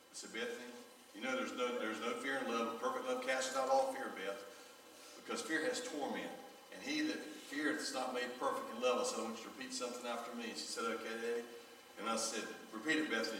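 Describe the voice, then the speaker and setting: Grieving pastor in echoey church. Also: male voice, fairly even intonation, a little fast, slight background noise. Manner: emotional storytelling, voice dropping low and soft. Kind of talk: sermon. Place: large church sanctuary. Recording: echoey church hall recorded from far off.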